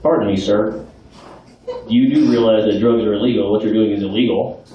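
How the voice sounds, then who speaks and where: A man playing a stern, formal police officer who speaks in a lowered voice. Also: fairly quick, dull audio, lightly acted. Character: stiff, polite male police officer. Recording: echoey bar, far mic, noisy.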